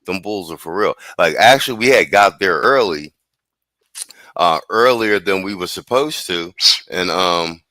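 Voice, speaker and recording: A man hosting a casual live-streamed podcast, telling a story in animated, slangy talk with frequent laughs and restarts. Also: deep voice, measured pace, no room sound. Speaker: podcast host.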